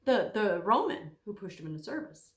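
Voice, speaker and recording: A woman giving a casual Bible teaching talk, animated, acting out the voices she quotes. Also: medium pitch, normal speed, roomy sound.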